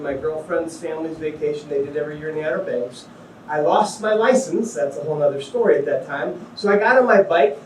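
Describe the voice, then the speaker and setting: Animated man telling a story in an echoey room. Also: fairly high pitch, slight background noise. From Ohio, USA. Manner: animated storyteller, acts out quotes, jokey asides. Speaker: guest speaker. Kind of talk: testimony talk to a small audience. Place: small meeting room. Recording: echoey room, mic at a distance.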